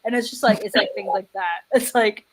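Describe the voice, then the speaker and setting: A woman's voice: mid-range voice, a little fast, slight background noise, poor audio. A woman with comedy training, chatting casually on a video call panel and laughing often.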